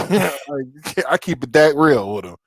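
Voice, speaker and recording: A man's voice: fairly high pitch, sing-song, takes it slowly, breathy edge, dry recording. A man co-hosting a casual podcast, talking in laid-back, slangy banter with easy laughter. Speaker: podcast co-host. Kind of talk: casual chat.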